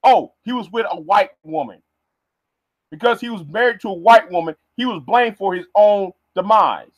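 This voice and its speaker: A man's voice: sits high, moderate pace, no room sound. A man ranting on a livestream, heated and stammering, repeating words as he goes. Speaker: vlogger.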